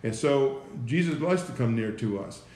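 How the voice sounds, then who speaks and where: A man's voice: mid-range voice, lively intonation, normal speed, mellow. Earnest preacher man in an echoey room. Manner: repeats himself, asks rhetorical questions, says "right?" and "listen". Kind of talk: informal sermon.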